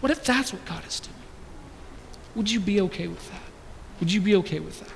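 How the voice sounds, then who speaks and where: A man's voice: sits high, lively intonation, brisk, creaky, slight background noise. A young man preaching a sermon, earnestly asking the congregation question after question. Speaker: pastor. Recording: long hall reverb.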